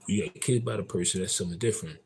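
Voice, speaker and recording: A man in a casual livestream monologue, telling a story in a profane, emphatic and rambling way. He swings between loud outbursts and low mutters. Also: racing, creaky, slight background noise, poor audio. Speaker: livestream host.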